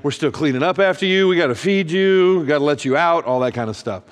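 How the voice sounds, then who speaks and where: Self-mocking preacher in a big echoey hall. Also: male voice, fairly high pitch, fast talker, clear, resonant tone. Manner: self-mocking, deadpan comic timing, acts out both sides of conversations. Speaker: pastor. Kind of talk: humorous sermon storytelling. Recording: long reverb of a large hall.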